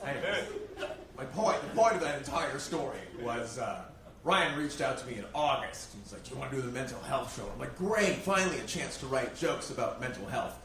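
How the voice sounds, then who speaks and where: Animated man doing stand-up, roomy club. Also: medium pitch, a little fast, noisy background. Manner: animated, self-mocking, swears freely. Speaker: stand-up comic. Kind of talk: stand-up comedy set. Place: comedy club stage. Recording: roomy live-club sound, mic heard from a distance. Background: audience laughter.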